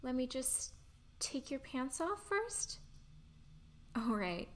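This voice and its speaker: Young woman, slow unhurried delivery, breathy, pleading, giggly, intimate audio role-play. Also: high-pitched, very animated.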